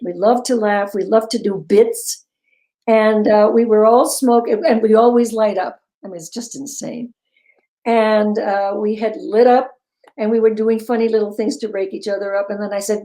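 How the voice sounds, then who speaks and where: Lively older woman, mellow voice. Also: mid-range voice, moderate pace, rough recording. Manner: animated storyteller, breaks into laughter. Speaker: guest. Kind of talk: casual interview chat.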